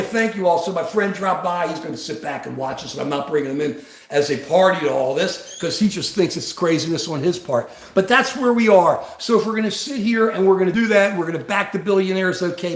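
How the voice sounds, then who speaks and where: A man hosting a political commentary livestream, talking with passion, asking rhetorical questions and often repeating his words. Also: high voice. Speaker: livestream host. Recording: echoey room.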